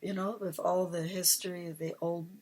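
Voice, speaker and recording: A woman's voice: lowish voice, little pitch movement, normal speed, a little mellow, poor audio. A woman from Canada, a guest who chats in a reflective way with many fillers. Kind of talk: casual conversation.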